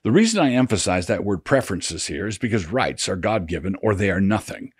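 An older man, a pastor, reading his essay aloud in a measured, sardonic way. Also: sits low, big pitch swings, husky, no echo, clean studio sound. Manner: sardonic, measured, drops voice for quotes. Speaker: pastor and blogger.

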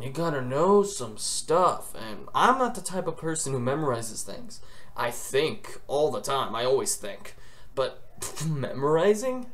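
A young man on a gaming channel, vlogging in a rambling, joking rant full of swearing and exaggeration. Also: mid-range voice.

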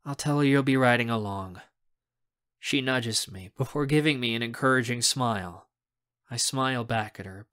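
A man narrating a young adult novel in the first person, expressive and acting out the scenes. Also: medium pitch. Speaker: audiobook narrator.

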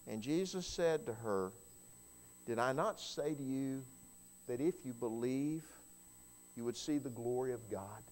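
A man preaching in a church, voice of middle pitch. He tells the story with a lot of build, dropping low and quiet, then climbing to loud, ringing cries. He repeats a word or two as he gets going. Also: animated, measured pace, long pauses, a little hiss or hum. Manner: storytelling sermon with wide swings in loudness, rising to cries; repeats words when starting a phrase. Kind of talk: sermon.

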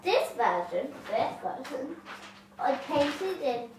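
A woman's voice: high-pitched, big pitch swings, slow. A woman co-hosting a casual painting class, playful and teasing in her banter. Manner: playful, teasing, sing-song asides. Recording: echoey room, mic far off, background noise.

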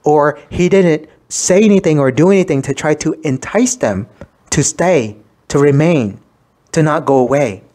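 Priest giving a measured sermon. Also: male voice, fairly high pitch, darkish tone. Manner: measured, explanatory, quotes scripture aloud. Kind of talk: sermon reflection.

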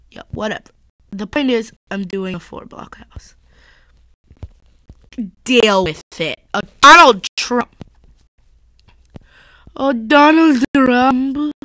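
A woman's voice: mid-range voice, no echo, poor audio. A woman chatting casually while commenting on her Minecraft gameplay, rambling and often correcting herself mid-sentence. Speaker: gaming channel host.

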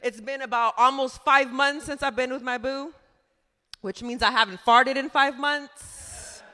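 A woman performing a stand-up comedy set, chatty and animated, laughing at her own jokes on a club stage. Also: high-pitched, unhurried. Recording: reverberant club room.

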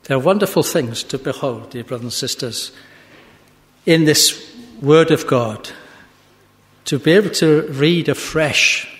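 A man preaching a sermon, slow and measured, rising to a fervent pitch at his climaxes. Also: fairly bright tone. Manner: slow and measured, with long pauses. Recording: hall reverb.

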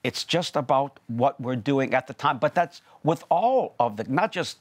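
Older male guest, former opera singer, animated and chatty, mid pitch. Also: normal speed. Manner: chatty, rambling, with many restarts. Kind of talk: TV interview conversation.

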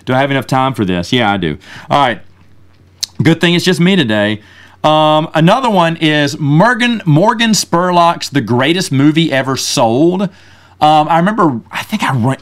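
Brief: middle-aged male podcast host, solo casual storytelling, slightly high pitch, acts out quoted voices.

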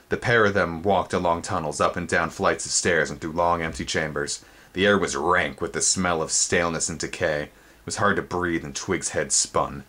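Deep-voiced man reading a book aloud. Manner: expressive, picks up when excited. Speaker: book reader. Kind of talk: dramatic reading of a children's book.

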